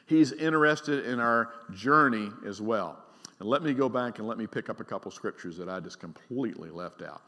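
A middle-aged man preaching a sermon as pastor. He is emphatic, swings between loud and quiet, and keeps asking the congregation questions. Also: lowish voice. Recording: long reverb of a large church hall.

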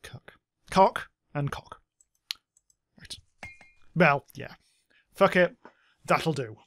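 A man giving casual let's-play commentary, excitable, swearing a lot and making silly sound effects. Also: on the high side, drawn-out words. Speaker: gameplay commentator.

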